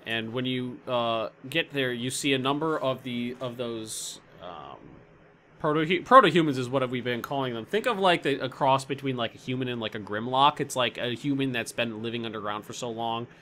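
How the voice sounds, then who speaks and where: A man's voice: mid-range voice, lively intonation, normal speed, pushed and bright, a little hiss or hum. A man narrating a tabletop game as dungeon master, rambling and searching for words as he describes scenes.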